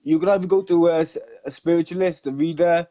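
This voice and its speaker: A man's voice: on the high side, steady tone, mellow. A man with a Welsh accent co-hosting a casual live video, laughing and reading out viewers' comments. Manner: unhurried, laughs often, reads out viewer comments. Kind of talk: casual live-stream chat.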